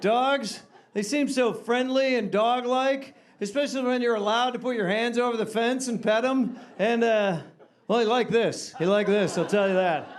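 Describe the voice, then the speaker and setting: A man's voice: very high voice, normal speed, a faint crowd. A male comedian telling a rambling stand-up bit, chuckling and filling gaps with "uh". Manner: rambling, chuckling, lots of fillers.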